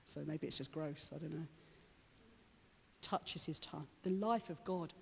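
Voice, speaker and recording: Rough around the edges, with vocal fry, this mid-range voice moves a little slowly through a sermon in a reverberant church hall. The preacher starts off chatty and joking with the congregation, then rises into fervent, rousing delivery.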